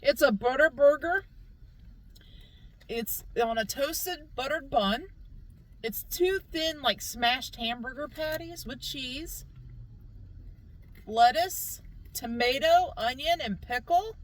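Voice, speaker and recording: Female vlog host, bubbly and chatty, highish voice, recorded in a car. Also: slow pace, pauses often, rough recording. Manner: chatty, upbeat, keeps calling the viewers "guys". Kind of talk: casual food review chat. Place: inside a parked car.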